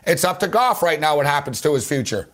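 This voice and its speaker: A male sports talk radio host with a fairly high voice, talking fast and with animation. He argues his football takes hard and keeps calling his guest by name. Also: lively intonation, fairly bright tone.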